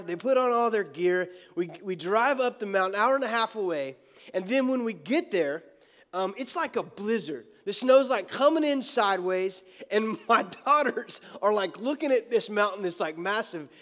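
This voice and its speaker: A man preaching a sermon as pastor, telling a story in an animated, joking way. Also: sits high, normal speed. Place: church sanctuary. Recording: long church hall reverb.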